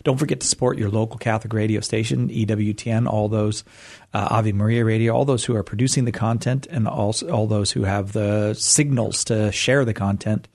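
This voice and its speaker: A middle-aged man hosts a radio call-in show with a somewhat low voice. He talks in a loose, halting way, full of fillers and restarts, his pitch jumping up when something excites him. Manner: hesitant, many fillers, rises in pitch when animated. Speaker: radio host. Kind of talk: casual radio chat.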